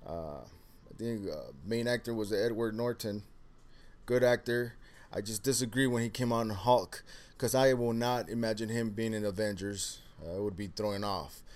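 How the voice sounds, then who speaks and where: A man's voice: lowish voice, normal speed, a little mellow. A man hosting a video, talking in a loose, rambling way full of "man," "you know" and "uh.". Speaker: video host. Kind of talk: casual monologue commentary.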